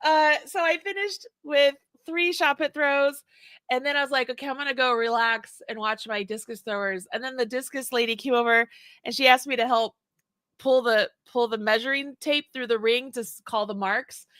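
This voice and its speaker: Bright, chatty woman in her forties. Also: high-pitched, steady tone, normal speed, no echo, studio quality. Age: 40s. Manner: chatty, laughing, rambling with restarts. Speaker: host. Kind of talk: casual livestream chat.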